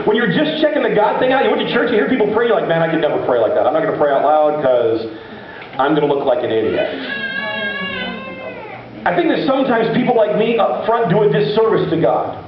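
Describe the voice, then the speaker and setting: A male pastor giving a sermon, telling Bible stories in a lively, casual way and acting out the voices. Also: extremely high pitch, a little hiss or hum. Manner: animated storytelling preacher, acts out voices. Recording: echoey dull room recording.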